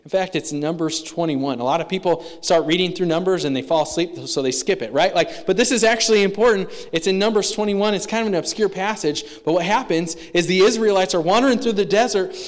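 A man preaches in a relaxed, talkative way, his voice sitting a little high for a man. He now and then slips into quick acted-out voices for the people he quotes. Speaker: pastor. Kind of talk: sermon.

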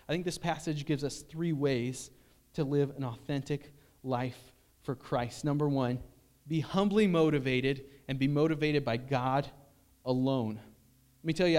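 Male pastor, slightly higher pitch, conversational sermon delivery with stories and asides. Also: a little mellow. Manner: earnest and conversational, with storytelling and rhetorical questions.

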